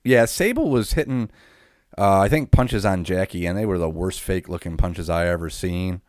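A man's voice: low-pitched, moderate pace, darkish tone, dry recording, clean studio sound. A man co-hosting a podcast, casually recapping a wrestling event blow by blow with lots of filler and swearing. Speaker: podcast co-host.

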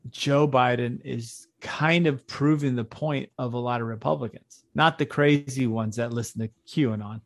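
A man's voice: mid-range voice, fairly even intonation, moderate pace, hardly any pauses. A young man co-hosting a podcast in casual political chat, blunt and swearing, laughing often. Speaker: podcast co-host.

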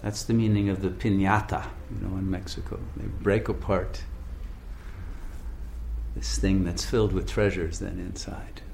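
A man giving a relaxed, rambling storytelling talk as a spiritual teacher, chuckling often. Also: sits low, a little slow, creaky. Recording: echoey room with faint background hum.

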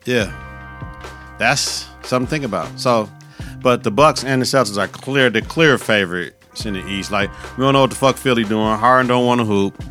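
A man's voice: mid-range voice, normal speed, fairly bright tone, soft background music. A man hosting a podcast, talking sports in a loose, profane, slangy, conversational way. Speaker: podcast host. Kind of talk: casual sports talk.

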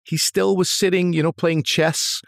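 A man's voice: a little high, fairly even intonation, normal speed, vocal fry, dry recording, clean studio sound. A man, an actor, telling stories from film sets in a casual interview, rambling with many restarts and asides. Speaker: actor guest.

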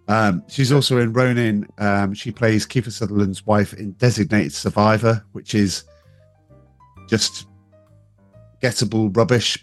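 A man co-hosting a podcast, chatting casually about films in a teasing, wry way. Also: lowish voice. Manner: teasing, wry, listing facts. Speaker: podcast co-host. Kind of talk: casual film discussion.

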